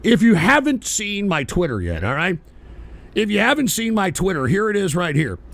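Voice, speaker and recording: A man hosting a live political stream, ranting with profane, scornful outbursts that rise into shouts. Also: high-pitched, very animated, moderate pace, gravelly. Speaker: host.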